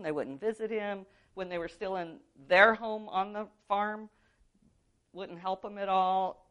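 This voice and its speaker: A woman with a somewhat low speaking voice teaches biblical counseling. She talks earnestly and casually, checking in with her listeners as she goes. She sounds middle-aged and comes from California. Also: a bit bright. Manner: earnest, conversational, frequent "um" and "right?". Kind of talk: teaching talk with personal testimony.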